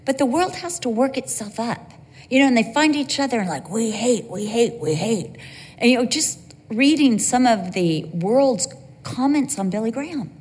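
A woman's voice: fairly high pitch, animated, normal speed, a little mellow, breathy edge, long reverb tail. A woman preaching a sermon in an earnest, conversational way, with asides and personal stories.

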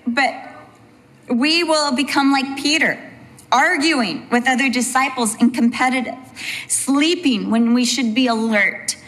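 A woman teaching Bible study in an earnest voice. She slows down to stress points and slips into chatty asides. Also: high voice, fairly bright tone, a little hiss or hum.

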